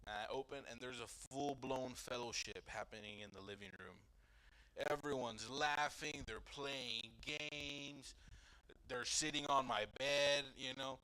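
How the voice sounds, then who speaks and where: A man, a guest pastor, telling his personal testimony in a chatty, animated way. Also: mid-range voice, moderate pace, clean tone, rough recording.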